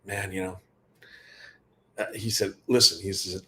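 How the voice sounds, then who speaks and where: A man's voice: low voice, steady tone, measured pace, sharp tone, a little hiss or hum. A man telling casual backstage anecdotes in an interview, rambling and quoting conversations. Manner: rambling anecdotes with quoted dialogue and laughs. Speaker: guitar tech guest.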